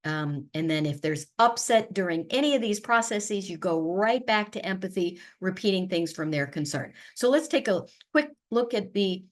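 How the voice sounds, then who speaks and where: A woman's voice: mid-range voice, expressive, moderate pace, hardly any pauses. Woman, middle-aged, webinar facilitator, patient explanations, acted-out soothing examples. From USA. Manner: explains patiently, acts out soothing sample dialogues. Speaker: webinar facilitator and family therapist. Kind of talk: educational webinar presentation.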